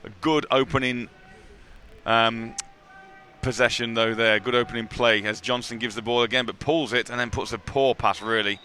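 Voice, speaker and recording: Bright-voiced play-by-play man. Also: mid-range voice. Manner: brisk, excitable at big plays. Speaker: play-by-play commentator. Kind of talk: live sports commentary.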